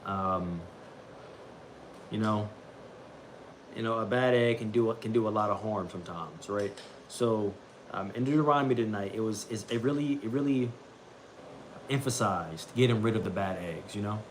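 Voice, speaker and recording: A man's voice: fairly low pitch, moderate pace, long pauses, a little hiss or hum. A young man hosting a casual livestream, rambling and repeating himself, often saying bro as he talks about a daily Bible reading.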